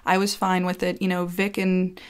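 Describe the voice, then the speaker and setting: Woman vlogger, lowish voice, storytime rant, swears a lot, loose and chatty. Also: monotone, normal speed. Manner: chatty and blunt, swears freely, fills with "like". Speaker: YouTuber telling a personal story. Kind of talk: casual storytime vlog.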